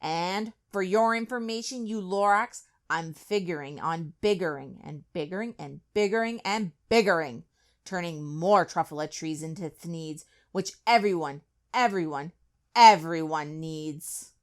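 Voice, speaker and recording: A woman's voice: lowish voice, expressive, measured pace, smooth. A woman voicing a greedy, defiant male factory owner from a storybook, boastful in tone.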